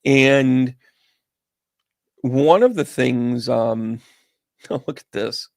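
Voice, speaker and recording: A man hosting a casual livestream chat, chatty and animated, chuckling as he tells stories. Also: mid-range voice, extremely slow, gravelly, no echo. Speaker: host and medium.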